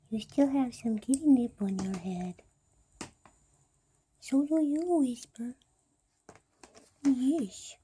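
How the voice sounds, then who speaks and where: A woman's voice: on the high side, lively intonation, takes it slowly, long pauses, warm tone, a little hiss or hum. A woman at home filming her cats and talking to them in cooing baby talk, often dropping to a whisper, recorded on a handheld camera. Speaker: cat owner filming her pets. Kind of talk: casual talk to pets.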